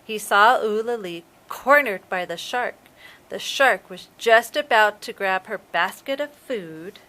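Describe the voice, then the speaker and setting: A woman, a preschool teacher, reading a storybook aloud to young children in a slow, expressive way. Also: mid-range voice, rough recording.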